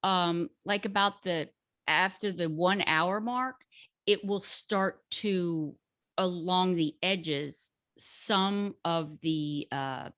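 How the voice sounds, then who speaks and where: A woman in casual chat, explaining a home recipe step by step in an unhurried, hesitant way with many fillers. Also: lowish voice, a bit bright, no room sound, clean studio sound. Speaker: guest cook sharing a recipe.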